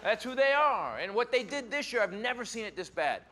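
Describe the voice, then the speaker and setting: A man doing a loud, punchy stand-up set and working the crowd in a live theater recording. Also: very high voice, very animated, a little fast, slight background noise. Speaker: stand-up comedian. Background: loud audience laughter and cheering.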